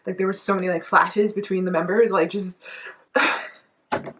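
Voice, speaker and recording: A woman doing a reaction vlog, excitable and quick to shriek, swearing freely and rambling with lots of fillers. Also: medium pitch, rough recording. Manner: rambling, filler-heavy storytelling. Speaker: YouTube reaction vlogger. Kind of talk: reaction commentary.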